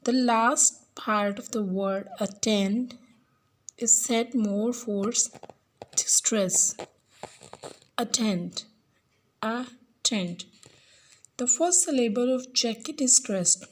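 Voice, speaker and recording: A female English teacher with a slightly high voice leads a recorded lesson at a slow, deliberate pace, saying every word twice for her students.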